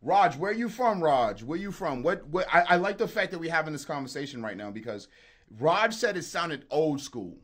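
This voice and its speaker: A beat producer streams live while making beats, chatting casually and cracking jokes with viewers. His voice is fairly high and moves at a normal speed, and he talks animatedly and directly to the chat.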